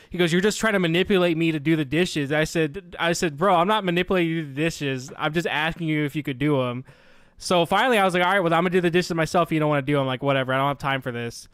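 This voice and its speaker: A young man telling a long story in casual, exasperated rant style, quoting himself and his roommate in quick back-and-forth. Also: a little high, fairly bright tone, clear, resonant tone, no room sound.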